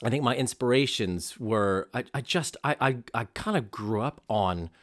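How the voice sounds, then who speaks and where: A man from Chicago hosting a casual panel chat, halting and emotional, often repeating his words. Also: medium pitch, animated. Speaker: host.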